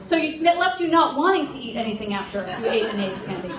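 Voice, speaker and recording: High-voiced woman telling a comic story. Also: very animated, fast, crowd noise. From grew up in an Irish Catholic family. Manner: comic, chatty, laughs between lines. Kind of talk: live storytelling to an audience. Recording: roomy hall sound from a distance.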